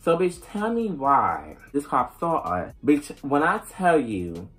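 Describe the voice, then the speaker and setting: A young adult woman vlogging a casual storytime, animated and profane, acting out the dialogue. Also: deep voice, slow pace, faint music behind.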